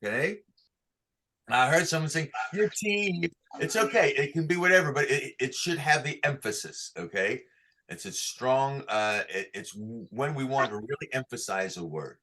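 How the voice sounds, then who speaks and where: A man's voice: mid-range voice, lively intonation, moderate pace, bright, forceful tone. A man teaching Torah cantillation online, patiently explaining each sign and singing short chant examples for the class to repeat.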